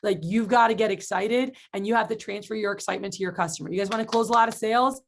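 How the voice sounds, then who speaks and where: A woman sales manager leading a training workshop, telling stories casually and acting out excited reactions. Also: medium pitch, fast, slight background noise. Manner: casual, filler-heavy talk.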